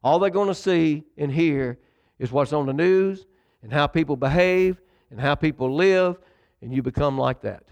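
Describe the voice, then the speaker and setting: Gravelly preacher man. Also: fairly high pitch, moderate pace, a little mellow, dull audio. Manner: preaching with dramatic voiced quotes and asides. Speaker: pastor. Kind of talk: sermon.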